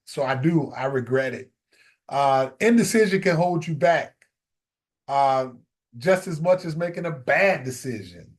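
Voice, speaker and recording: A man's voice: on the high side, animated, a little slow. Reflective middle-aged man telling a story. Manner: reflective, repeats key phrases for emphasis. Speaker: storyteller giving a life lesson. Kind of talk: casual personal storytelling.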